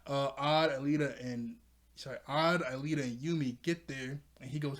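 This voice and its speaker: Rambling, giggly man with a higher voice. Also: steady tone, moderate pace. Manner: rambling, laughs often, repeats himself. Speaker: cartoon episode reviewer. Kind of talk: casual recap and commentary.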